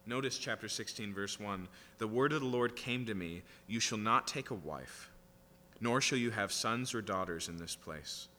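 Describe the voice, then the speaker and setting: A man's voice: lowish voice, moderate pace, bright, forceful tone, long reverb tail, a little hiss or hum. A man preaching a sermon, reading scripture aloud and explaining it in a conversational way with frequent "right?" asides. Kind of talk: sermon, Bible teaching.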